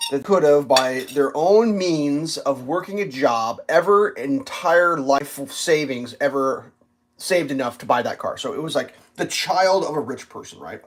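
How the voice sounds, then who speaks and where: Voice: mid-range voice, slight background noise. Foul-mouthed streamer rambling about bad drivers, lots of "like", voice bouncing all over. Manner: profane, ranting, heavy use of "like"; animated, acts out other drivers in loud bursts. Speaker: live streamer. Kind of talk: rambling live-stream storytelling.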